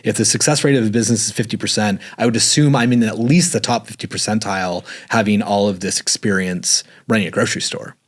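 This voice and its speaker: A man's voice: fairly low pitch, fast, hardly any pauses. A man telling stories casually in an interview, rambling and full of "like" fillers. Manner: rambling, filler-heavy, says "like" often; animated when retelling dialogue. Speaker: guest.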